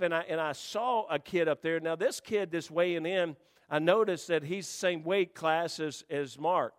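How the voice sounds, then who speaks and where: A man preaching to a congregation, telling a rambling, animated story with restarts. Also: on the high side. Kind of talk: storytelling sermon.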